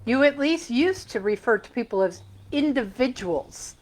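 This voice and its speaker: A woman's voice: on the high side, lively intonation, normal speed. A woman co-hosting a cocktail stream, briefly reading viewer comments aloud. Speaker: co-host reading chat comments.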